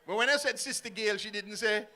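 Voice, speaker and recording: A man's voice: high voice, brisk, pushed and bright. A man with an Antiguan accent speaking at an outdoor political rally, firing rhetorical questions at the crowd.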